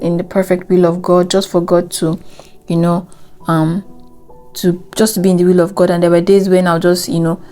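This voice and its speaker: In a warm, lowish voice, a young Nigerian-accented vlogger rambles through a casual life update, full of "you know" fillers. She comes across earnest and reflective as she talks about her faith.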